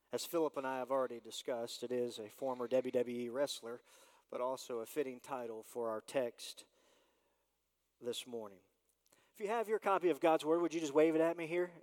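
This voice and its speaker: A man preaching a sermon as pastor, animated and rising and falling in volume as he reads scripture and addresses the congregation. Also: high-pitched, smooth. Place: church sanctuary. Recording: long church reverb.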